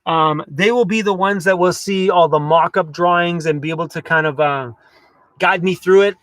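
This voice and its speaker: A Canadian man hosting a casual livestream from inside a camper van, chatty and loose, with frequent fillers and quick apologies. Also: high-pitched, fairly bright tone, no echo. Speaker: livestream host.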